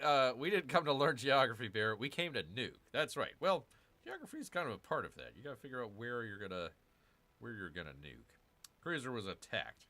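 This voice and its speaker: Man, gaming host, casual strategy game commentary, rambling asides, animated, bright tone. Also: mid-range voice, a little fast. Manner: rambling, self-correcting, jokey asides to viewers.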